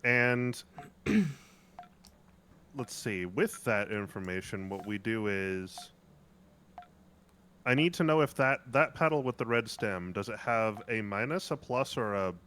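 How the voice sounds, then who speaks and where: An American man in casual game chat who reads out instructions slowly and jokes now and then. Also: fairly low pitch, pushed and bright, a little hiss or hum. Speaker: co-player reading the manual.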